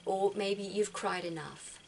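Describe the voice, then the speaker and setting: A woman talking gently and reflectively to her viewers, giving spiritual advice and often repeating words as she thinks. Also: mid-range voice, takes it slowly, gravelly, slight background noise, low-quality recording.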